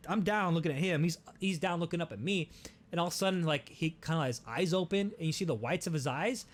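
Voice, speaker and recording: A young man hosting a podcast, telling a story in a casual, animated way, swearing often and restarting his sentences. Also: fairly high pitch. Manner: animated, profane, many restarts. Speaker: podcast host.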